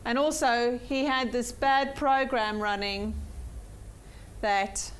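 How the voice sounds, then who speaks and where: A woman's voice: a little high, steady tone, slow, a little hiss or hum. A woman teaching a weekly personal development workshop, upbeat and repeating points for emphasis while checking in with her class.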